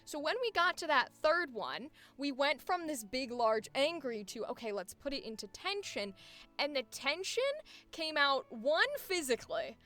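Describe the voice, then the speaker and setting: A woman's voice: high voice, animated, normal speed, pushed and bright, faint music behind. A young woman coaching a voice actor, explaining animatedly and acting out examples. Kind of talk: coaching session.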